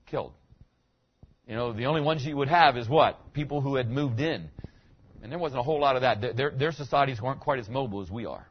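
A man's voice: fairly high pitch, highs cut off. A middle-aged man, a pastor, preaching a sermon in a conversational way, asking the congregation questions as he goes.

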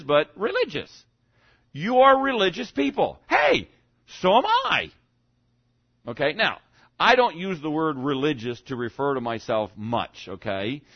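A man's voice: a little high, dry recording, dull audio. A male pastor preaching a sermon in a conversational way, often asking the congregation questions. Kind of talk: sermon on evangelism.

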